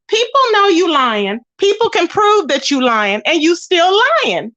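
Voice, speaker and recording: Young woman livestreaming off her phone, high voice, dry close sound, gossipy and chatty, aave. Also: sing-song, a little slow, hardly any pauses, bright, forceful tone, no room sound, lo-fi sound. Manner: chatty, greets viewers with pet names. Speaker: livestream host.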